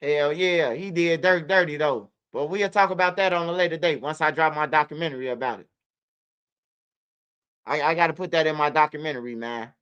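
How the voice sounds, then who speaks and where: Woman, channel host, livestream commentary, profane, repetitive, bright tone. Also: deep voice, a little fast, smooth, dull audio. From Chicago. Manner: profane, repetitive, animated storytelling.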